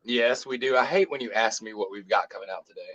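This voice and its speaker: A man's voice: lowish voice, fairly bright tone, muffled recording. A man co-hosting a podcast, riffing wryly and laughing along. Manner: wry, quick to laugh and riff. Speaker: podcast co-host. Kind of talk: joking casual chat.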